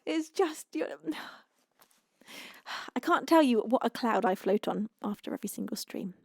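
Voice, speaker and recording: A young English-accented streamer and singer-songwriter from the UK signs off her live stream, chatting effusively with viewers. Her voice is a little high and gravelly with lively intonation at a measured pace, and she comes across bubbly, with soft laughs and sighs, in clean studio quality with no room sound.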